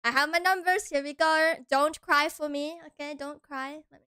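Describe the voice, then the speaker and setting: Brief: young American woman, high voice, dry close sound, playful giggly streamer chat. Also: steady tone, moderate pace, bright, forceful tone, no room sound. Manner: playful, giggly, chatty with viewers. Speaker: vtuber streamer.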